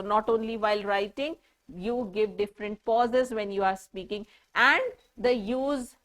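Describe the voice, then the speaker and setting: Patient woman teaching grammar, lightly high. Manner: patient, explaining with deliberate pauses. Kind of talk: classroom grammar lesson.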